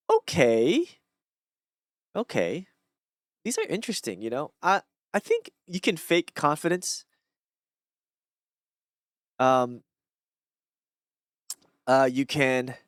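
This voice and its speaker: Alone at the mic, a male streamer with a medium-pitched voice reads brief thoughts aloud and wanders through reflections on them, with frequent fillers and restarts. The sound is clean studio audio without echo.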